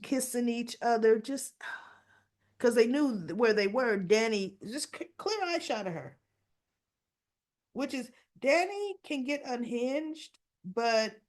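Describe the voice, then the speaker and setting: A woman casually recapping a soap opera episode, acting out the characters' lines as she retells the scenes. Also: fairly high pitch. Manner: slow, animated retelling with quoted dialogue.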